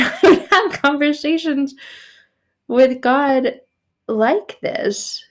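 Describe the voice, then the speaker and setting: A woman recovery coach talking candidly in a faith-based vlog, expressive and emphatic, moving from soft reflection to heated outbursts. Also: high voice, drawn-out words, long pauses. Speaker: emotional abuse recovery coach.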